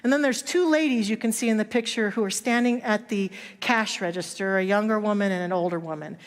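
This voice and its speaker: A woman's voice: medium pitch, brisk. A woman minister giving a sermon, telling stories and acting out the voices of the people in them. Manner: storytelling, acts out quoted voices. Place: church sanctuary. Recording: long hall reverb.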